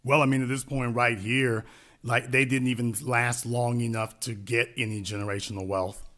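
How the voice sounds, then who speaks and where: A man's voice: medium pitch, little pitch movement, normal speed, a bit bright. A man hosting a casual discussion, talking bluntly and repeating his points for emphasis. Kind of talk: casual live-stream discussion.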